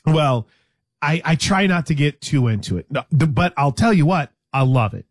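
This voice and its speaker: A male sports radio host talking casually with a co-host, often restarting his sentences and teasing. His voice sits a bit high for a man. The studio sound is dry and close. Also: expressive, normal speed, no echo. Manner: conversational, hesitant restarts, teasing.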